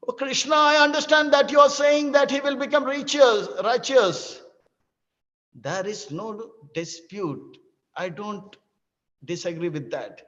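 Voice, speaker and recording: Man doing a worried warrior begging questions, high voice, slow, echoey muffled hall. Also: a bit bright. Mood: questioning. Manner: pleading questions. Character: worried young male warrior questioning his lord. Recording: dull lo-fi with long hall reverb.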